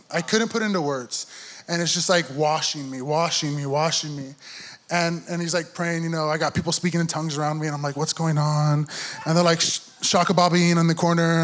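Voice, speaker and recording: A young man with a slightly higher voice tells his faith story in relaxed conversation. He talks in an animated way and often laughs as he goes. The delivery feels like casual chat. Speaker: guest sharing testimony.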